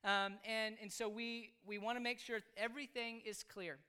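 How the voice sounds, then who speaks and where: A man explaining how he raises his children, speaking earnestly in halting phrases. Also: high voice, little pitch movement, sharp tone, clean tone. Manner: earnest, halting, with frequent restarts. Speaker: father explaining his parenting. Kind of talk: casual spoken explanation.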